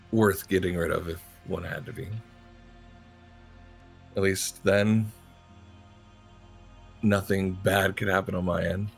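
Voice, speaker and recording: A man voicing a guilt-ridden but loyal young male adventurer, speaking quietly and earnestly in his own voice. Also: low-pitched, vocal fry, slightly rough, heavily acted.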